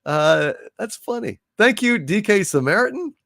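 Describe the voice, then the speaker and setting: A man chats his way through viewer messages on a live stream, his pitch sitting a little high and swinging widely. He talks in fits and starts, full of fillers, then breaks into theatrical bits of verse and song. The sound is dry and close. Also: big pitch swings, vocal fry, a bit bright, no echo. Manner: theatrical, drifts into recited verse, song and impressions; halting, with many fillers and restarts. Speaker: livestream host. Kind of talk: casual live-stream chat reading super chats.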